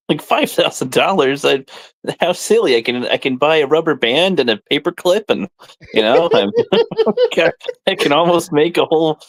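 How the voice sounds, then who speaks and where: A man's voice: fairly high pitch, lively intonation, normal speed, no echo. A man co-hosting a casual comic review chat, rambling and laughing often. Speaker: podcast co-host.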